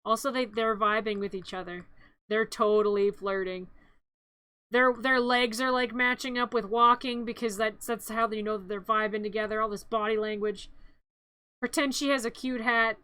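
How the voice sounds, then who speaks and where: A woman's voice: fairly high pitch, steady tone, normal speed, sharp tone, clean tone, dry recording. A woman streamer narrating a movie in a playful, rambling, chatty way with little quips.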